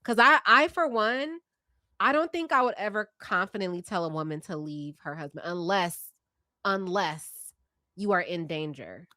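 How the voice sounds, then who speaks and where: A middle-aged woman talks as a guest in a casual chat, measured and reflective in her delivery. Her voice sits a little low for a woman. The recording is dry and close. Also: expressive, bright, forceful tone, no room sound. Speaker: podcast guest.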